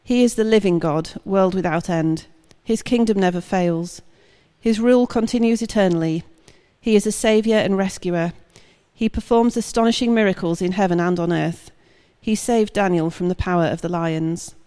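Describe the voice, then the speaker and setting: A woman's voice: medium pitch, normal speed, few pauses, dark tone, clean tone, lightly acted. A woman reading scripture aloud, voicing an ancient male king in a plain, lightly voiced way. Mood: proclaiming. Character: ancient male king, troubled then proclaiming.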